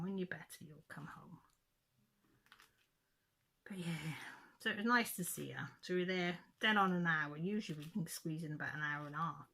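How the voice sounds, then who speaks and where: Chatty middle-aged woman, lower voice. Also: creaky, bright, forceful tone, slightly rough. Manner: chatty, rambling, with frequent self-corrections. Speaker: craft vlogger. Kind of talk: casual chat, storytelling.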